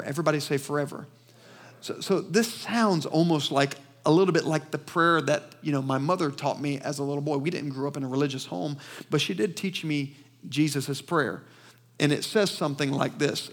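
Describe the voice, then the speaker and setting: Emphatic Southern preacher, slightly high voice. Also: male voice. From Southern United States. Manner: emphatic, with call-and-response to the congregation; fast-talking. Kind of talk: sermon. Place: church sanctuary.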